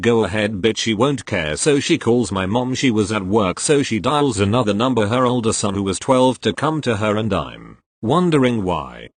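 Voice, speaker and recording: A man with a somewhat low voice reads posts aloud as scripted narration. His delivery stays steady and even from line to line. The sound is dry, with no room around it. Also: dry recording. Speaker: reader of online posts.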